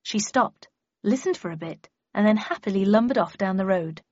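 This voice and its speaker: A woman narrating a story in the first person in an even, wry manner. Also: medium pitch, normal speed, no room sound, lo-fi sound. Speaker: audiobook narrator.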